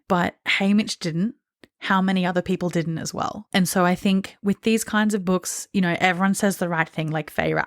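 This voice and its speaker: A woman co-hosts a casual book podcast, talking earnestly and thoughtfully and leaning on plenty of fillers. Her voice sits a little low for a woman. The sound is dry and close, with no room around it. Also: no echo. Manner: earnest, thoughtful, many fillers like "like" and "you know". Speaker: podcast co-host.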